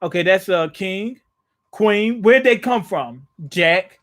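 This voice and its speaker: A man's voice: high voice, takes it slowly, a bit bright. A man hosting a live comic reaction, reading scenes aloud and retelling them in casual slang, often restarting and chuckling. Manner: casual, slangy, paraphrases scenes in his own words. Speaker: manga reaction host.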